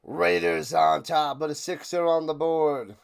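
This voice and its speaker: Unhurried man calling a game live. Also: fairly high pitch, fairly even intonation, vocal fry, background noise. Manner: rambling chatter with sudden shouted play calls. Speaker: watch-along streamer. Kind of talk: live watch-along play-by-play commentary.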